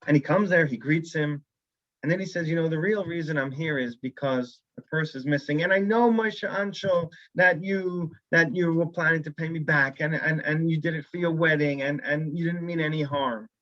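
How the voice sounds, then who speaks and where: A man's voice: a little high, normal speed, dry recording, highs cut off. A man teaching a weekly Torah class as a rabbi, telling a story and acting out the characters' lines. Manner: animated storyteller who acts out characters' lines.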